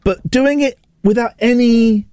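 A man's voice: extremely high pitch, a little slow, warm tone, no echo, studio quality. A man in his late forties hosting a breakfast radio show, bantering in a loose, self-mocking way with lots of restarts. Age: 40s.

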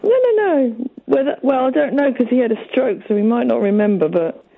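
A woman's voice: fairly high pitch, animated, fairly quick, gravelly, phone-quality sound. A woman chatting on a radio panel in a giggly, chatty way. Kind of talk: casual radio chat.

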